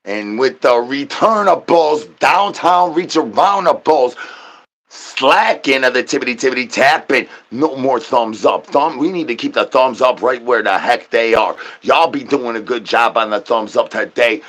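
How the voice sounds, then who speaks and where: A man's voice: medium pitch, lively intonation, measured pace, fairly bright tone. A man hosting a livestream, rambling to his chat in absurd slangy patter full of repeated catchphrases. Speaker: livestream host.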